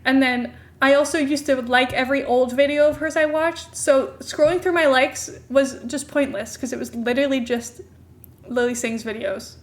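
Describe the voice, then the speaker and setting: A woman's voice: high-pitched, steady tone, normal speed. A young woman streamer chatting casually, giggling often and poking fun at herself. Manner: giggly, self-mocking, chatty. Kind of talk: casual live-stream commentary.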